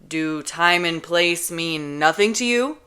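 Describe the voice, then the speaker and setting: A woman's voice: low voice, fairly even intonation, smooth. A woman doing an exasperated young man. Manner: slow, loud, annoyed.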